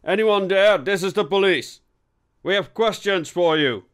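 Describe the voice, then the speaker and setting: A man's voice: high voice, measured pace, clean tone, pitched above the performer's own voice. A man voicing a stern, commanding police inspector with a dry wit in an audiobook.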